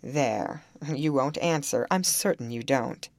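A woman's voice: very deep voice, takes it slowly, no room sound. A woman reading the lines of an imperious, jealous young lady of the house, speaking sharply and commandingly.

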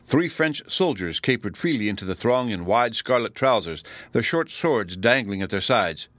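Male audiobook narrator, low voice, dry close sound, measured reading. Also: animated, fairly bright tone, no echo. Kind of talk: scripted narration.

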